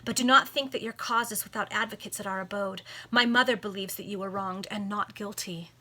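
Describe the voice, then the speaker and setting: A woman's voice: mid-range voice, fairly even intonation, a little fast, sharp tone. A woman voicing a tender, tearful young Italian lady while reading a Victorian novel aloud with heightened delivery.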